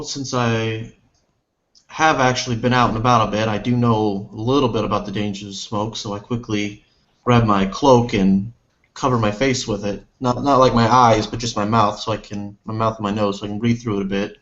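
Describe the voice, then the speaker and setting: A man's voice: fairly low pitch, fairly even intonation, normal speed, a bit bright, dull audio. A man playing a tabletop game, describing his actions in first person and correcting himself as he goes. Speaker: player.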